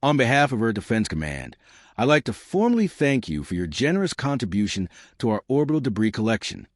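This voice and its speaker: A man's voice: medium pitch, big pitch swings, brisk, dry recording, clean studio sound, close to an everyday voice. A man doing a chirpy AI assistant. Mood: chipper. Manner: chipper, formal. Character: cheerful chirpy male AI assistant.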